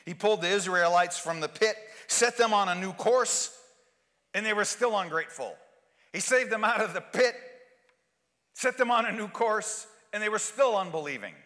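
A man's voice: high-pitched, normal speed, bright, forceful tone, big-room sound. A male pastor preaching a sermon, asking rhetorical questions and hammering points home through repetition.

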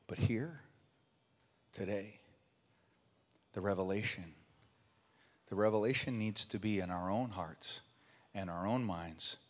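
A male pastor delivers a sermon to his congregation at an unhurried, deliberate pace. He leans on emphatic, repeated phrases. His voice carries a long reverb tail from the church sanctuary around him. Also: lowish voice.

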